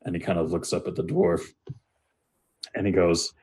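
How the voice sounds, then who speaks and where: A man's voice: low-pitched, fairly even intonation, moderate pace, darkish tone, slightly rough. A man narrating as game master, loose and full of uhs and likes. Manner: loose, filler-heavy narration.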